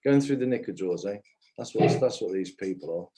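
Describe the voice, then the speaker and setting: A man rants on a livestream. His voice sits low and his tone is mellow and dark, but his talk is indignant and full of swearing. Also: expressive, brisk, poor audio. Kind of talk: angry livestream commentary.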